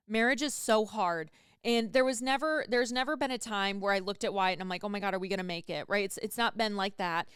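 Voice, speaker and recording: A woman's voice: mid-range voice, fairly bright tone, clear, resonant tone, no echo, clean studio sound. A woman hosting a podcast, chatting casually and candidly and swearing freely. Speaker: podcast host. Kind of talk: casual chat.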